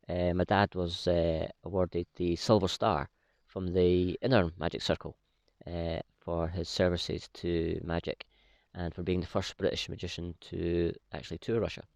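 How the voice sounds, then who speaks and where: Brief: low, dry-voiced vlog host, unhurried storyteller full of "uh"s. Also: male voice, vocal fry, no echo. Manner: relaxed, with many "uh" fillers. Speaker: pipe-smoking vlog host. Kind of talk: casual storytelling. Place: woodland, outdoors.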